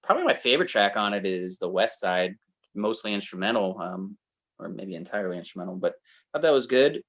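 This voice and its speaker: A man talks through an album review on a podcast, his pitch leaping around with lively swings. He rambles, trails off and starts over. It sounds like easygoing chat between friends. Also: brisk. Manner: animated, rambling, trails off and restarts. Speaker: podcast co-host. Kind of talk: casual music review chat.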